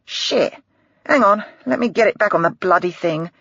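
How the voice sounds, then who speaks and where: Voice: mid-range voice, normal speed, vocal fry, a bit bright, dry recording, highs cut off, voice pushed up. A narrator voicing a brash middle-aged male detective who talks in a blunt, sarcastic way and swears freely.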